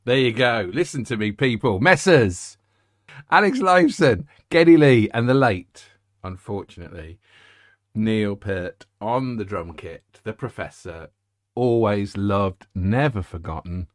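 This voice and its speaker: A man's voice: fairly low pitch, lively intonation, unhurried, dry recording, clean studio sound. A middle-aged man hosting a music show, rambling, joking and interrupting himself. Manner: rambling, jokey, self-interrupting. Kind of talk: casual chat.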